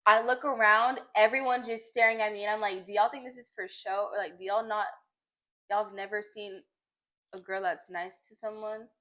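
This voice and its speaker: Bright-voiced teen girl, drawn-out words. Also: medium pitch, steady tone. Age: teens. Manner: drawn-out Valley-girl way of speaking. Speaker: podcast co-host. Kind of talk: casual chat.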